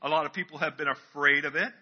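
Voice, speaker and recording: A man's voice: on the high side, steady tone, fast talker, slightly rough, dull audio. A man preaching a casual, chatty sermon in church, acting out crowd voices as he tells the story.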